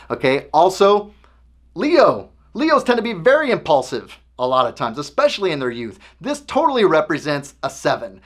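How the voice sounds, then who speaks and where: A man's voice: on the high side, huge pitch swings, moderate pace. A man hosting a casual explanatory talk, conversational and often checking in with the listener. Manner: conversational, keeps checking in with "okay?". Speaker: host.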